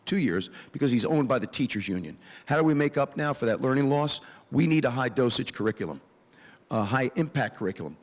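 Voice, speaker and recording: Forceful male candidate in a reverberant hall. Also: mid-range voice, lively intonation, brisk. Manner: forceful, declarative, lists plans point by point. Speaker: political candidate. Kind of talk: campaign forum answers. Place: event hall.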